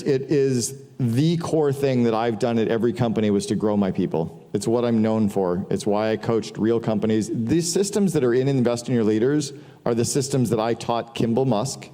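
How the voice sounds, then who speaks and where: A man's voice: mid-range voice, brisk, mellow. Man talking casually in a reverberant hall. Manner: casual, profane, storytelling with quoted dialogue. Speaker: speaker giving a business talk. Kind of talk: casual conference talk. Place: large hall before an audience.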